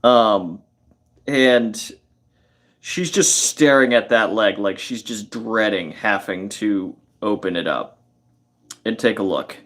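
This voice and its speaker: A man hosting a carpentry livestream, telling a story in a rambling, halting way with many fillers and chuckles. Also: fairly low pitch, fairly bright tone. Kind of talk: casual storytelling while working.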